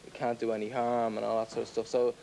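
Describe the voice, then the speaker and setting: A man's voice: mid-range voice, completely flat delivery, fast talker, vocal fry, warm tone, slight background noise, rough recording. A man answering a question on a TV studio show, hesitant and plain-spoken, with lots of ums. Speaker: rock drummer answering an audience question. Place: TV studio with an audience.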